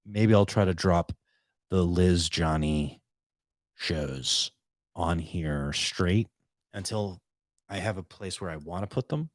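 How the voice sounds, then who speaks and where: A man's voice: low-pitched, slow pace, long pauses, dry recording, clean studio sound. A man hosting his own podcast from home, rambling in a casual, self-deprecating, sometimes profane way. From Boston, USA. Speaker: podcast host. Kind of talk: casual solo podcast chat. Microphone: headphones with podcast mic.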